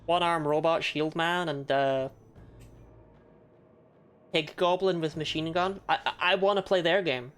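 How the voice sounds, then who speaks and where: A woman's voice: low-pitched, measured pace, pauses often. A young woman casually commenting on a video game she is playing, chatty, swearing freely and laughing often. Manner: reads game text aloud.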